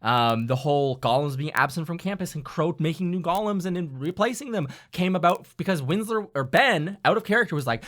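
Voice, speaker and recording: Man, game master, casual podcast chat, excitable, lively pitch, bright. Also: brisk, few pauses. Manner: excitable, animated, breaks into quoted voices. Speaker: dungeon master and podcast host. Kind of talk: casual chat about tabletop gaming.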